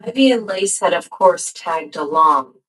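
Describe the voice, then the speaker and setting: A woman with a lowish voice narrates a novel in the first person. She reads slowly and deliberately and lets each phrase settle before the next. The delivery is a steady audiobook read. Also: rough recording. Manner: measured, unhurried storytelling.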